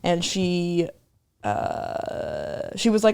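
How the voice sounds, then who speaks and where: A woman's voice: on the low side, slow, a little mellow, clear, resonant tone. A woman with an American accent, raised in England, telling rambling stories as a comedian guest on a podcast. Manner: rambling storyteller, lots of likes and restarts. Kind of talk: casual podcast chat.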